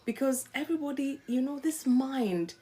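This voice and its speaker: A middle-aged woman hosting a live-stream talk on marriage, coaching listeners in an earnest, animated way. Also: high-pitched, moderate pace. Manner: animated, acts out quarrelling spouses in quotes. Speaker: host.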